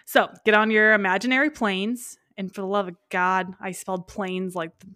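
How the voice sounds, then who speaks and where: A woman's voice: medium pitch, fairly even intonation, pushed and bright, no room sound, studio quality. A woman in her twenties co-hosting a podcast, chatting casually and joking often. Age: 20s. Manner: joking, chatty, quick laughs. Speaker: podcast co-host. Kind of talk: casual chat.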